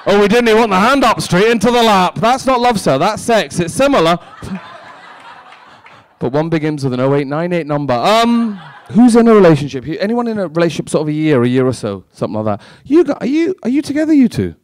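A man doing stand-up comedy, trading sweary, quick banter with a live audience. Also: high voice, big pitch swings. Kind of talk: stand-up comedy with crowd work.

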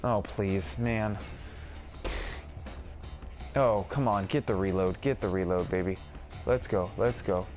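A man's voice: on the low side, slow pace, pauses often, a little mellow, soft background music. Easygoing man narrating his gameplay. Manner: chatty, self-deprecating, mild exclamations. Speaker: gaming video host. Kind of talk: casual let's-play commentary.

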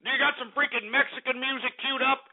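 A man's voice: very high voice, fairly even intonation, fast talker, creaky. A man hosting a comedic talk radio show, rowdy and cursing, yelping and out of breath. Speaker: radio host. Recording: tinny phone-like radio audio with faint music.

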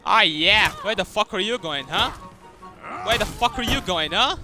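Young male gaming commentator, high lively voice, excitable trash talk over game music. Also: normal speed. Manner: excitable, trash-talking, swears a lot. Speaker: gaming YouTuber. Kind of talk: casual gameplay commentary.

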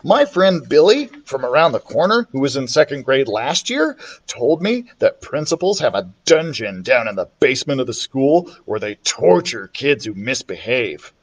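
A man reading a children's chapter book aloud, expressive and playful, switching voices for the characters. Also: moderate pace. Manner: expressive, voices the characters with big pitch swings. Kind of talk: storybook read-aloud.

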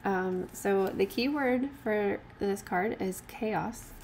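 A woman reads tarot cards in a gentle, rambling way, stopping often for fillers and restarts. Her voice sits at an ordinary middle pitch. A faint hum of the room stays behind her. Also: slow. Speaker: tarot card reader. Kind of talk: casual tarot reading with card text read aloud.

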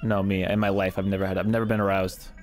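A man's voice: low voice, flat delivery, fast talker, over music. A young man streaming a game with friends over voice chat, joking around and humming tunes in a playful way. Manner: playful, jokey, hums and sings along. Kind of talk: casual gaming chat with friends.

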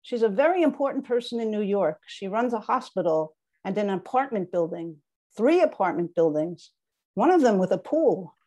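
A woman's voice: mid-range voice, animated, normal speed, dark tone, lightly acted. A woman reading the lines of a confused elderly father who insists, agitated, that he must go back to the city.

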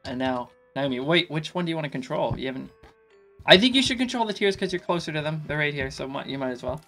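A slightly drunk man giving casual let's play commentary, excitable and swearing in sudden panicky outbursts. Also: a little high, quick pace, creaky, soft background music. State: tipsy. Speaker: gaming YouTuber.

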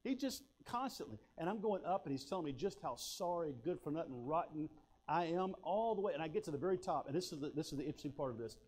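A male pastor with a fairly high voice preaches in a folksy, storytelling way. He swings between loud bursts and hushed asides as he drives his points home. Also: lively intonation, fast talker. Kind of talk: sermon with personal stories.

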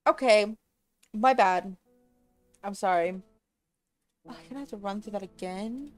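Slow-talking woman streamer, chatty and apologetic. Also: medium pitch, soft background music. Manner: chatty, apologetic, swears and laughs often. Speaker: streamer playing a horror game. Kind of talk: casual gameplay commentary.

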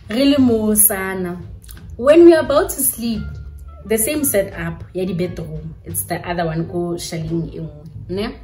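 Animated South African woman, echoey room. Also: mid-range voice, measured pace. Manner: animated, chatty storytelling. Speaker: YouTuber. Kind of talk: storytime vlog. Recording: echoey room with faint music.

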